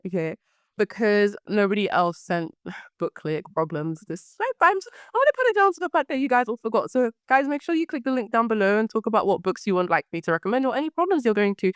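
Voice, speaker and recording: A young woman hosting a podcast, chatting animatedly about books with a slightly hoarse voice, repeating words for emphasis. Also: medium pitch, sing-song, fast, dry recording. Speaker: podcast host. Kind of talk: casual book talk.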